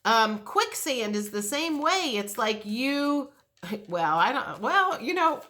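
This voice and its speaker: Bright-voiced woman giving a rambling tarot reading. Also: fairly high pitch, big pitch swings, slow. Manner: rambling, frank, swears freely, many restarts. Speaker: tarot reader. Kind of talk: casual spoken tarot reading.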